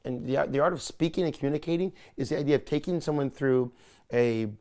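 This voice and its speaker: A man coaching a student on camera technique. His delivery is energetic and pitched like a salesman's, with big rises and falls in intonation as he drives each point home. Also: quick pace. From California. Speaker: video coach. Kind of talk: coaching session.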